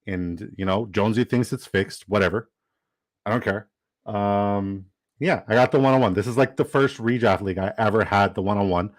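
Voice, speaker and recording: A man with a voice on the low side hosts a live stream at a moderate pace, chatty and upbeat, rambling with fillers and shout-outs while reading out viewer comments. The recording is dry and low in quality.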